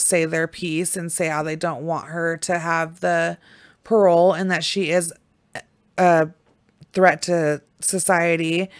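A woman's voice: fairly low pitch, no echo, studio quality. A young woman hosting a true crime show, talking casually and ranting angrily with lots of swearing. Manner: angry, profane, ranting; mocks people in put-on quoted voices. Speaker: true crime podcast host.

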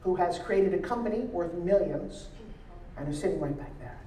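Speaking at a moderate pace, this motivational speaker stands on stage in a large event hall and delivers a lively, joke-filled seminar on pitching to a live audience. The audio is roomy and heard from a distance.

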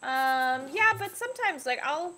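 Woman, casual gameplay chat, playful, filler words, high voice, sharp tone. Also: expressive, a little slow, slight background noise. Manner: chatty, filler-heavy, playful. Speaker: co-op gaming partner.

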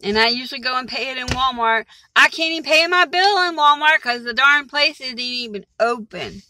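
A woman's voice: high-pitched, normal speed, sharp tone, no echo, rough recording. A woman vlogger from Maryland rambling in a casual, agitated and exasperated way about her day. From Maryland, USA.

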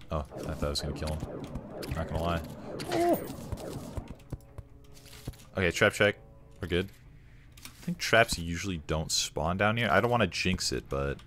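A young man casually commenting while playing a game, swearing often and breaking into excited outbursts. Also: low-pitched, unhurried, pauses often. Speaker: gaming streamer. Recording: music bed behind voice. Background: soft game music.

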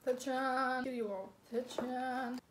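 Young woman vlogger, slightly high voice, matter-of-fact; noisy echoey room. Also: fairly even intonation, slow pace. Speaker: vlog co-host. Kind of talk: casual snack taste-test chat.

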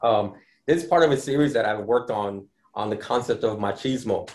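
A Dominican-born man explaining his artwork in an interview, speaking in a measured way with frequent ums and restarts. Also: on the low side, a little mellow. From Dominican Republic. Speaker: artist guest.

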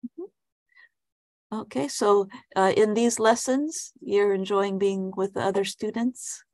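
A woman teaches an online English class over a video call and speaks slowly with a gravelly edge. She hesitates often and restarts her sentences as she asks students questions. The sound is dry and close, with no room echo. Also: medium pitch, steady tone, a little mellow. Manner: hesitant, many ums and restarts, friendly questions. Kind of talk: casual online class talk.

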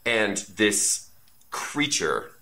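A man running a tabletop game as dungeon master, telling the story in a lively way with lots of fillers. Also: on the low side, drawn-out words, vocal fry. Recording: noisy podcast recording.

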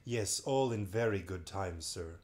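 A man's voice: low-pitched, a little slow, darkish tone. A man reading a bedtime story aloud, voicing a kindly, sleepy old male magician who is genial and chatty.

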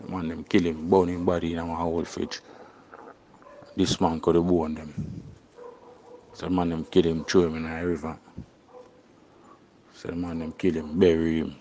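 Jamaican guy talking patois, deep and kinda husky, keeps going "you see me". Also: a little mellow. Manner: tags phrases with "you see me". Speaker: interviewee. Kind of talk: casual street interview.

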